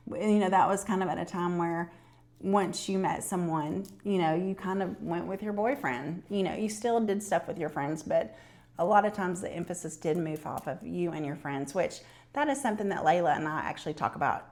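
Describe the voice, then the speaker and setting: A woman's voice: lowish voice, darkish tone. A woman in her fifties vlogging to camera, chatting casually and telling stories with lots of fillers. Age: 50s. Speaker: lifestyle vlogger.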